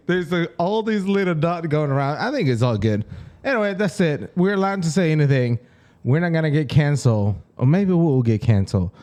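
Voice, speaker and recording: A man co-hosting a podcast in casual chat, an animated storyteller who laughs often and acts out the people in his stories. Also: a little high, moderate pace. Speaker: podcast co-host.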